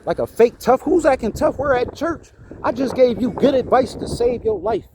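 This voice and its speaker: Man, indignant street-preacher rant to phone camera, high and lively pitch, faint traffic behind. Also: normal speed, creaky. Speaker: vlogger. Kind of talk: ranting monologue to camera. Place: outdoors outside a church.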